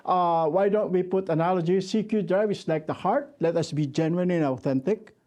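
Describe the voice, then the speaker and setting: This conference workshop speaker, a middle-aged man, pokes fun at himself and keeps restarting sentences as he tells his stories. His voice sits high with a darkish tone, at a moderate pace.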